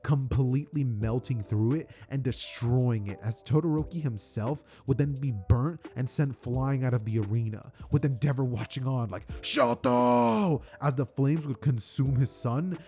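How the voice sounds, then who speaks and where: A man's voice: mid-range voice, normal speed, hardly any pauses, dark tone. A man casually narrating a fan-made story, rambling with lots of fillers. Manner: rambling, filler-heavy retelling. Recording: faint background music.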